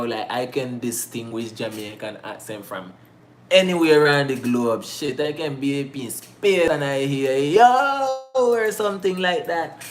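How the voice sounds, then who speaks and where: A man's voice: mid-range voice, slight background noise. Joking Creole-accented man chatting. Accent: Nicaraguan Creole English of Bluefields. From Bluefields, Nicaragua. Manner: slangy and joking, with laughs. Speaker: vlogger answering viewer questions. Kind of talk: casual chat.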